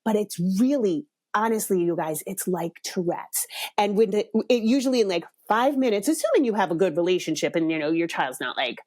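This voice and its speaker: A middle-aged woman hosting a podcast, telling a family story in a chatty way, laughing often and jumping up in pitch when she quotes people. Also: expressive, brisk, darkish tone. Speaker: podcast host. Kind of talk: casual storytelling.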